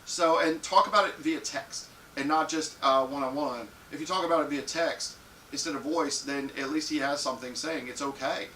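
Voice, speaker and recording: A man hosting a live show, giving crude, frank advice to viewers and acting out loud little scenes. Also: on the high side, moderate pace, recorded from a distance. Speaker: live show host answering viewer questions. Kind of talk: casual live-stream advice talk. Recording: echoey room, off-mic, faint hiss.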